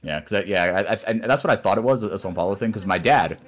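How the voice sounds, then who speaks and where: A man co-casting an esports stream, talking in rambling, animated casual chat with many restarts. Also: fairly low pitch, quick pace. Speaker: esports co-caster.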